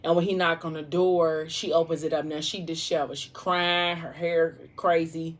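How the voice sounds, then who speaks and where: A woman's voice: sits low, little pitch movement, moderate pace. A woman vlogger casually retelling a novel's plot while eating, rambling and full of fillers. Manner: rambling, heavy use of "like" and "you know".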